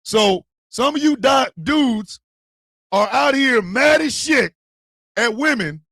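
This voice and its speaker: A man with a strikingly high voice hosts a comedic radio advice chat. His pitch swings widely as he rants, and his tone has a husky edge. He is loud and profane and often breaks into shouts. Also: lively intonation, slow, no room sound, clean studio sound. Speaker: radio show host.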